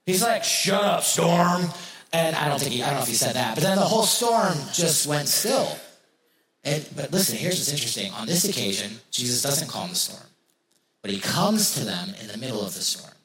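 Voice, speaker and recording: Speaking briskly with big swings in pitch from a medium base, this preacher addresses his flock informally over a loud crowd and roomy echo. He keeps asking rhetorical questions and hammering key phrases through repetition.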